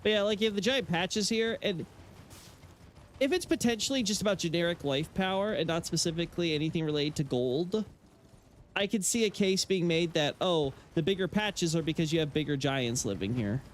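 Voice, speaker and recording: Male lore streamer, higher-pitched, rambling and opinionated, casual on-stream chat. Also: fairly quick, slight background noise. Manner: rambling, frequent fillers and restarts, opinionated. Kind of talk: casual live-stream chat while playing.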